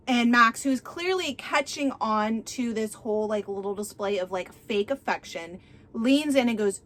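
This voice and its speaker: A woman's voice: a little high, moderate pace, fairly bright tone. Chatty woman recapping a book. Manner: chatty, retelling with quotes. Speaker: book reviewer.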